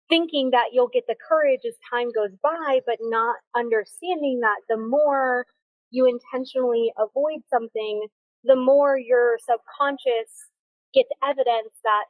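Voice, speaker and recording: A woman's voice: high voice, a little slow, no echo, rough recording. A woman hosting a solo podcast, talking in a chatty, upbeat, encouraging way close to the mic. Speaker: podcast host. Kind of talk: casual solo podcast talk. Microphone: close mic, recorded on video.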